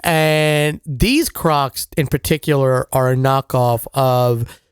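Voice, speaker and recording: A man's voice: mid-range voice, slow, smooth, no room sound, studio quality. A young man with an East Coast American accent, co-hosting a podcast in loose, joking casual chat full of fillers. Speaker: podcast co-host.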